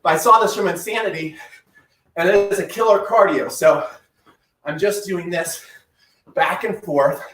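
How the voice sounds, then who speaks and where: Upbeat male tennis coach, high voice, live home workout, distant mic in an echoey room. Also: measured pace, pauses often, fairly bright tone. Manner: upbeat, coaching while exercising. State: breathing heavily at times.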